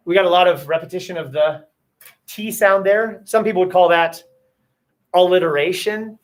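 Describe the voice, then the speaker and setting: A man's voice: high voice, normal speed. A man teaching an English class, sounding out letters aloud and quizzing his students as he goes. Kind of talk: classroom lecture. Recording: roomy classroom echo.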